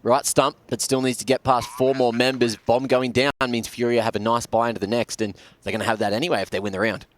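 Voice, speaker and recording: A man's voice: mid-range voice, level tone. Australian man calling esports play. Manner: brisk, colloquial, sporty slang. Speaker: esports caster. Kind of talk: play-by-play commentary. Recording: noisy game audio behind.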